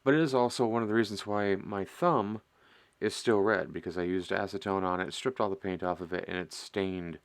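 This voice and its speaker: Rambling middle-aged man with a low voice. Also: a little fast, smooth. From Midwestern US. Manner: rambling, self-mocking, chuckles at himself. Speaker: host of a miniature painting stream. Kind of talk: casual chat while painting.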